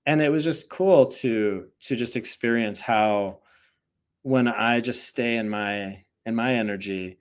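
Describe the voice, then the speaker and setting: A young man gives a loose, casual live spiritual talk, telling a story and then encouraging his listeners. His speech is full of fillers like "like" and "you know." His medium-pitched voice is clear and resonant, and he speaks unhurriedly.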